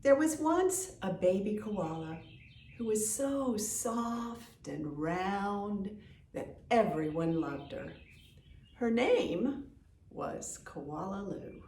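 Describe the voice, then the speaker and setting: A woman reading a children's picture book aloud in a gentle, expressive way, inviting listeners to say the repeated lines with her. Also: medium pitch, drawn-out words, a little hiss or hum. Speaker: storyteller. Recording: echoey room, distant mic.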